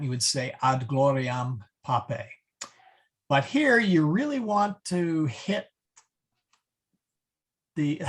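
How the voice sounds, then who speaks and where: A man teaching a Latin class online, explaining translations haltingly with many ums and chuckling at his own slips. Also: medium pitch, husky.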